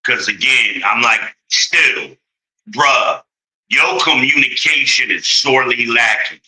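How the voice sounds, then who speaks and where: A man's voice: mid-range voice, slow pace, bright, forceful tone, low-quality recording. A man venting to his viewers in a heated story, exasperated and swearing freely, with sudden mocking outbursts.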